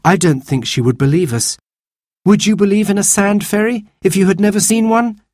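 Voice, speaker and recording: A man's voice: high-pitched, normal speed, darkish tone, no echo, studio quality, pitched above the performer's own voice. A man doing a sensible young boy. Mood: earnest. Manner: reasoning, earnest.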